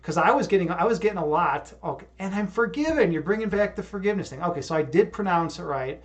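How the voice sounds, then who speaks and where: Young male streamer, slightly high voice, hyped up, rambling casual chat with viewers. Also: animated, fast talker, muffled recording. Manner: rambling, repeats words, laughs at himself. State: hyped up after yoga. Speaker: livestream host. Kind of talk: casual livestream chat reading viewer comments.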